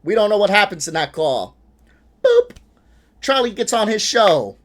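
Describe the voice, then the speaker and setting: A man hosting a reaction video, talking in a frustrated, animated way, swearing and laughing between points. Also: high-pitched, brisk. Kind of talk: casual reaction commentary.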